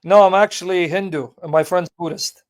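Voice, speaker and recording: A man's voice: sits high, fairly even intonation, a little fast. A man hosting a live call-in debate stream, talking in a blunt, joking, casual way.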